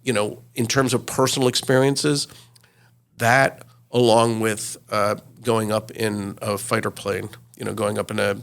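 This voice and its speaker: Casting: gravelly sixties man, retired reporter, animated storyteller with plenty of "you know" and "uh". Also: on the low side, measured pace. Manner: lively anecdotal storyteller, frequent fillers. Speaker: retired TV news correspondent, guest. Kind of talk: interview storytelling.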